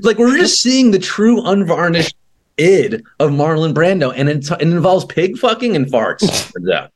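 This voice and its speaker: A man's voice: fairly high pitch, big pitch swings, a little slow. A man co-hosting a podcast, joking and rambling about a film with frequent restarts. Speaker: podcast co-host. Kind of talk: casual film chat.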